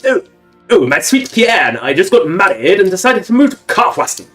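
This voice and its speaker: A man voicing a farmer's wife reading her journal in a deliberately bad comedy British accent, hammy and mock-sweet. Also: high voice, big pitch swings, a bit bright, faint music behind, voice pushed up. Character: newlywed farmer's wife, complaining about her husband.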